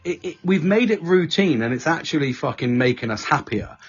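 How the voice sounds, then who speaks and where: A man's voice: a little high, expressive, fairly quick, husky. A man chatting casually as podcast host, swearing often and breaking into silly voices when quoting his friends. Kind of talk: casual chat. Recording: dull lo-fi sound.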